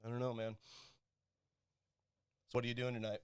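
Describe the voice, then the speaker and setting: A man's voice: mid-range voice, monotone, moderate pace, smooth. A man co-hosting a casual podcast, chatting in a laid-back way and swearing casually. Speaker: guest co-host.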